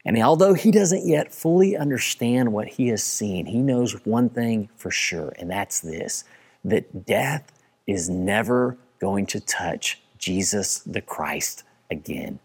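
A man preaching a sermon in a church, building to excited passages and then dropping low and quiet. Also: takes it slowly, gravelly, slightly rough. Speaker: pastor.

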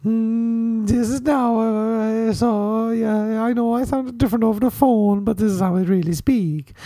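A man putting on a high-pitched, nagging middle-aged Irish aunt with a heavy sing-song brogue, peppered with "sure" and "now". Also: fairly even intonation, measured pace, dark tone, no room sound. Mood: mock-earnest. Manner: exaggerated comic nagging with "sure" and "now" fillers. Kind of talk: comedy podcast bit.

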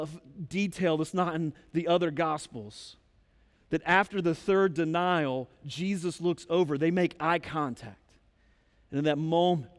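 A man's voice: a little high, darkish tone, long reverb tail. A man preaching a sermon as pastor, talking to the congregation in a direct, conversational way. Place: church sanctuary.

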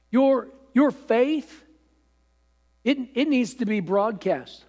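A man preaching a sermon as pastor, halting often, with many fillers and repeated phrases. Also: very high voice, animated, darkish tone. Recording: echoey hall.

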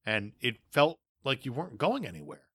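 A man co-hosting a casual movie podcast, with a bright, forceful voice that swings widely in pitch. He talks in an emphatic, opinionated way and laughs often. The sound is dry and close, with no room in it. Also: huge pitch swings, brisk, slightly rough, no echo. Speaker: podcast co-host.

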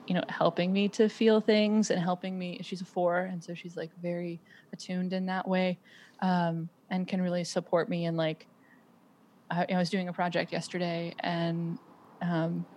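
A lowish-voiced woman, a parent with children, talks reflectively as a podcast guest. The chat is casual, and her speech is full of "um," "like," and repeated restarts.

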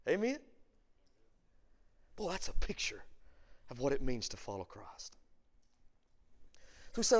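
A man, a pastor teaching a Bible study, who swings from shouted emphasis to quiet storytelling. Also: mid-range voice, huge pitch swings, normal speed, pauses often. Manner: preacher who shouts for emphasis, then tells stories softly.

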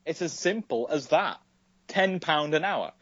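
A man's voice: a little high, lively intonation, a little slow, no room sound, lo-fi sound. A man co-hosting a podcast, ranting about politics in heated, sweary casual chat. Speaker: podcast co-host.

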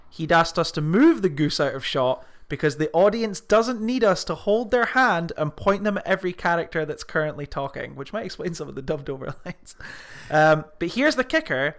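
A man co-hosting a casual film podcast, swearing freely and reading comments aloud with amused relish. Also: a little high. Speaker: podcast co-host. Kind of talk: casual film review chat.

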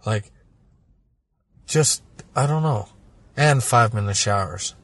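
A man's voice: mid-range voice, animated, takes it slowly, a bit bright. A man originally from Germany, talking casually as a podcast guest, rambling and swearing through a personal story.

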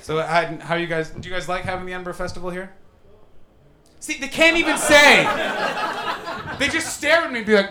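A man in his thirties doing a stand-up comedy set, telling animated stories and teasing the crowd. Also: high voice, brisk, long pauses. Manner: animated storytelling, mocking crowd work with put-on voices. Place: comedy venue with live audience. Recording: roomy live venue echo.

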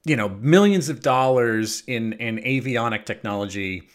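A man's voice: mid-range voice, moderate pace. A man co-hosting a podcast in casual chat, rambling and correcting himself as he goes. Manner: rambling, self-correcting, lively. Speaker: podcast co-host. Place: lives in Amsterdam.

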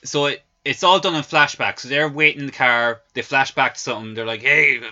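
Male podcaster, animated and profane, very bright voice, muffled lo-fi mic. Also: medium pitch, fairly quick. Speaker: podcast co-host. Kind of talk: casual film-review chat.

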